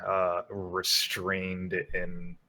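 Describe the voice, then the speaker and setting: A man's voice: deep voice, completely flat delivery, very slow, pushed and bright. A man chatting casually as a player in a tabletop game, easygoing and joking.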